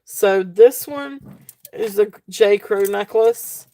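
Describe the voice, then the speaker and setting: A woman hosts a live online jewelry sale in a loose, chatty way, filling pauses with ums as she describes each piece. Her voice sits at an ordinary middle pitch. The sound is dry and close, with little room around it. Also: dry recording. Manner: chatty, many ums, relaxed and tired. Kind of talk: casual live-stream selling.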